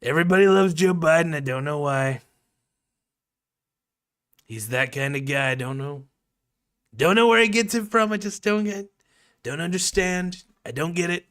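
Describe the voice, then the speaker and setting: Brief: a boastful older politician, loud and self-praising, bright and forceful, clear resonant tone, as a streamer puts him on. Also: male voice, fairly high pitch, moderate pace, pauses often, pitched above the performer's own voice, lightly acted. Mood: bragging. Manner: loud, bragging, repeats superlatives. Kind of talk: comic impression during a live stream.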